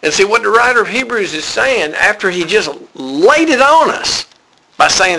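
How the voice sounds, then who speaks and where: A man's voice: high-pitched, sing-song, moderate pace, sharp tone, a little hiss or hum, low-quality recording. A man preaching a sermon in a church, folksy and conversational.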